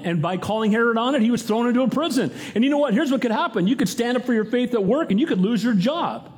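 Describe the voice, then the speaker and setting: A man's voice: very high voice, darkish tone. A pastor in his fifties or older preaching a sermon, earnest and emphatic, rising to urgent appeals.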